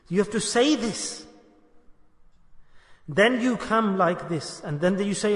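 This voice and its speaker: A man's voice: high-pitched, animated, normal speed, long pauses, fairly bright tone. A man preaching a sermon to a dhikr gathering, earnest and repetitive, questioning his listeners and mixing in Arabic devotional phrases. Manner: earnest, repeats phrases, asks the audience questions. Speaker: Sufi sheikh teaching a dhikr gathering. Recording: echoey hall with long reverb.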